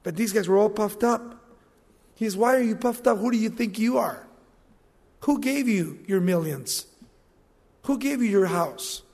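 A man's voice: high-pitched, expressive, unhurried, creaky, long pauses, darkish tone, slightly rough, big-room sound. A middle-aged man, a pastor, preaching a sermon, asking rhetorical questions and joking with the congregation.

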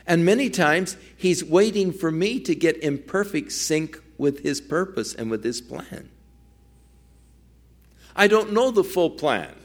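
A man's voice: a little high, lively intonation, measured pace. A male pastor preaching a sermon, telling a story earnestly and acting out its quoted dialogue.

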